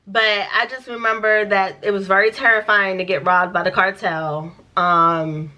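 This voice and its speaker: A young woman telling a storytime vlog, animated and profane, acting out what people said in slang. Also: fairly low pitch. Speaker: vlogger.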